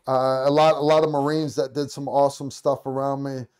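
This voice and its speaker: A man's voice: mid-range voice, little pitch movement, fairly quick, a little mellow, smooth. A man from the United States hosting a casual chat, telling stories animatedly with frequent restarts. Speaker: podcast host.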